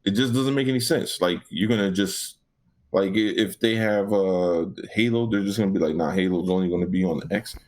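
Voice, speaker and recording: A man's voice: sits low, a little fast, darkish tone. A man co-hosting a gaming podcast, ranting casually with lots of profanity and acted-out back-and-forth. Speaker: podcast co-host.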